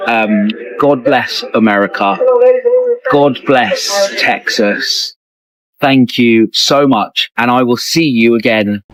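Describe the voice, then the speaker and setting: A man's voice: medium pitch, slow pace, fairly bright tone, low-quality recording. A man giving an earnest, grateful thank-you message to camera. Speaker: traveller on road trip.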